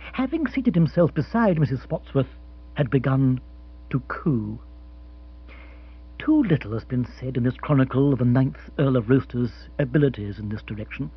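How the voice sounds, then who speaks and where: A man narrating a comic novel, with wry, expressive storytelling. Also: on the high side, slightly rough, no echo. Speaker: audiobook narrator. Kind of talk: scripted narration of comic fiction. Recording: dull lo-fi sound.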